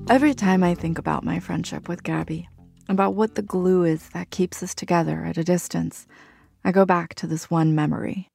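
A woman's voice: lowish voice, fairly even intonation, moderate pace, gravelly, darkish tone, breathy edge, soft background music. A woman from Argentina narrating her personal story in a candid, reflective way. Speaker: journalist and narrator.

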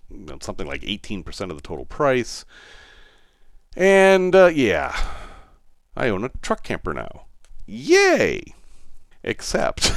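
Lively-voiced man telling a wry story. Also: fairly low pitch, dry recording, clean studio sound. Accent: Boston. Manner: wry, self-deprecating, animated storytelling. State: in pain. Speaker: podcast host. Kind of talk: casual storytelling monologue.

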